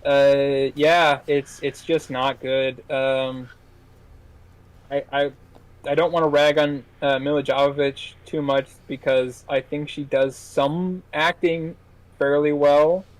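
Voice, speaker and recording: A man co-hosting a film podcast, reviewing a movie in casual chat with many halting restarts and fillers. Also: fairly high pitch, little pitch movement, dry recording, poor audio. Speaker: podcast co-host, film critic.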